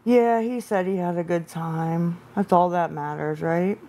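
A woman's voice: fairly low pitch, unhurried, warm tone. A woman hosting a late-night live stream, answering viewer comments in a weary, apologetic way while tired and upset. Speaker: livestream host.

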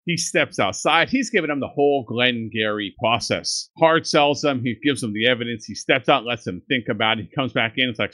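A man's voice: mid-range voice, a little fast, few pauses, pushed and bright. A man co-hosting a podcast, casually retelling a TV episode and acting out the characters' lines, laughing often. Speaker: podcast co-host recapping an episode. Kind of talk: casual chat.

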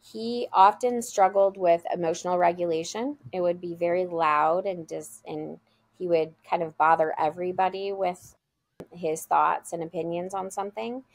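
A woman's voice: lowish voice, fairly even intonation, moderate pace. A woman working as a school guide, telling an earnest, heartfelt story in an interview and repeating phrases for emphasis.

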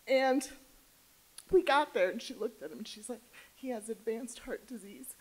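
A woman in her thirties telling a personal story on a theater stage, candid and emotional, dropping to a hush and rising loud by turns. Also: high-pitched, normal speed, rough recording. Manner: candid, swings between hushed and loud emotional delivery. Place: theater stage before an audience.

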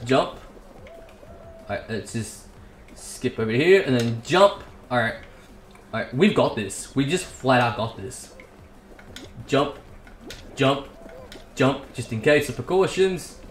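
A man giving excitable, casual commentary as he plays a game, swearing and talking to himself. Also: mid-range voice, slow pace, long pauses. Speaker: gaming YouTuber. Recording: echoey room with faint background hiss.

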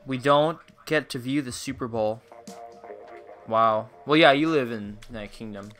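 Bright-voiced young man streaming a game. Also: medium pitch, a little slow, soft background music. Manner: joking, rambling, talks to chat while playing. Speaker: gaming livestreamer. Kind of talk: casual gaming livestream chat.

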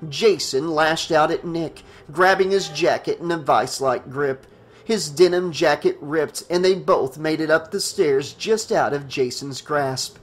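A man reading a horror novel aloud as an audiobook, in a steady storytelling manner. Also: fairly high pitch. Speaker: audiobook narrator.

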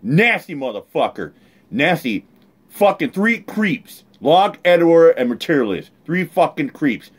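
A man's voice: on the high side, sing-song, a little slow, slightly rough. A man giving angry reaction commentary on a played clip, ranting heatedly and swearing often. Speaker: online commentator.

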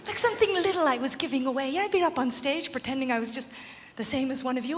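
A woman from Canada doing a stand-up comedy set, animated and laughing often as she acts out little voices. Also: sits high, fast. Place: comedy club stage before a live audience. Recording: live hall recording with crowd noise.

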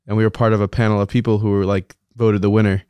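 A man's voice: on the low side, little pitch movement, fast talker, a little mellow, clear, resonant tone, no room sound. A man hosting a podcast interview in a chatty, casual way with many fillers and restarts. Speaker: podcast host.

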